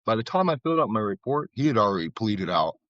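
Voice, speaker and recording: Low-voiced American man telling stories. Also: sing-song, fast, a bit bright, no echo, lo-fi sound. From Florida, USA. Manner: loose, rambling delivery with frequent "you know" and repeated words. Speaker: guest, flower bike artisan. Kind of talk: casual storytelling in a conversation.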